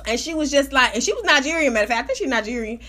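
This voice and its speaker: A woman's voice: high-pitched, big pitch swings, racing, pushed and bright. A young adult woman hosting a casual commentary podcast, talking in a brash, profane, laughing storytelling manner. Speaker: podcast host.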